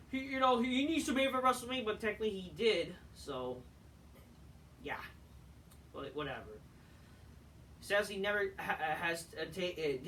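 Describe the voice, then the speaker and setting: A tired man casually reviewing a wrestling show, rambling and swearing, often erupting into shouted rants. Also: high voice. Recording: distant mic with faint background noise.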